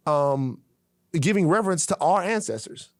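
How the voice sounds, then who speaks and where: A man's voice: fairly high pitch, animated, moderate pace, dry recording, clean studio sound. A man from the United States co-hosting a podcast, talking emphatically and repeating phrases for weight. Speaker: podcast co-host. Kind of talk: casual podcast discussion.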